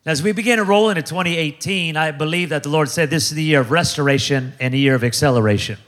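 A man preaching a sermon as guest speaker, calling for responses from the congregation and building to shouts. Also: fairly high pitch, fast, few pauses.

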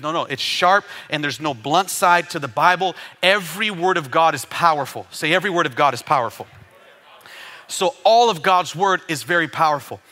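Bright, high-voiced preacher man. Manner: preaching with many restarts, rising to loud fervor; asks for amens from the congregation. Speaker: pastor. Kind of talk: sermon.

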